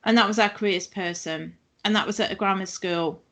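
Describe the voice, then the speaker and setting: A woman of around sixty from England, hosting an interview conversation in a measured, reflective way. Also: medium pitch, steady tone, fairly bright tone.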